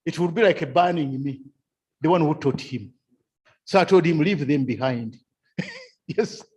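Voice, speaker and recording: A man's voice: fairly high pitch, normal speed, darkish tone, husky. A man giving a seminar lecture, repeating key phrases and asking rhetorical questions. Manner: repetitive, rhetorical questions, chuckles often. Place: seminar room.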